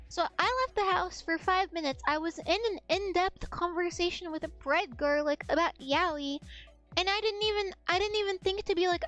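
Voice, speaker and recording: A woman streamer with a very high voice tells a meandering story in casual chat. She swears freely and slips into the other people's lines as she goes. Soft music plays quietly behind her. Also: a little fast. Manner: rambling, animated anecdote with swearing and acted-out quotes.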